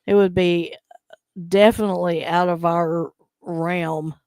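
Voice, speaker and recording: A woman with a lowish, slightly mellow, clean-toned voice speaks slowly and fairly evenly while hosting a casual live stream. She reads chat aloud, teases viewers and laughs often, captured in a dry, clean studio recording.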